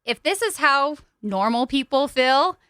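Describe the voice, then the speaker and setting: A woman's voice: sits high, expressive, unhurried, fairly bright tone, dry recording, studio quality. A woman guest on a podcast, telling her own story in an open, chatty way with lots of casual fillers. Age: young adult to middle-aged. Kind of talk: candid personal storytelling. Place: podcast studio.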